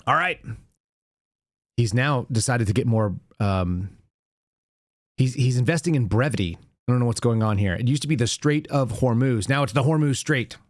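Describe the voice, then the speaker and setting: A man's voice: mid-range voice, moderate pace, pauses often, no echo. Sarcastic male show host, dry sound. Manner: sarcastic, mocking, chuckling. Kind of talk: news commentary on a live show.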